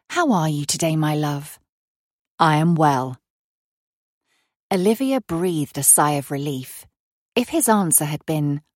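Woman audiobook narrator, low voice, dry close recording, measured reading. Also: no echo. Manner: measured, even storytelling. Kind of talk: scripted narration.

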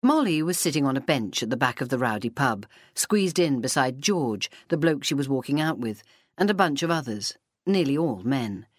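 Woman reading a novel out loud, steady pace, super dry close mic. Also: a bass voice, moderate pace, slightly rough, dry recording. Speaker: audiobook narrator. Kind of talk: scripted narration. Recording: dry studio sound.

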